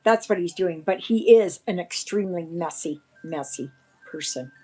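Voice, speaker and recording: A woman's voice: fairly low pitch, normal speed, mellow, soft background music. A woman hosting a casual livestream, rambling in a shaken, indignant way. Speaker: livestream host.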